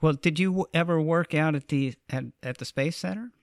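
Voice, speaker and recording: A man's voice: on the high side, a little fast, no echo, clean studio sound. A man interviewing an older guest, asking polite, curious questions.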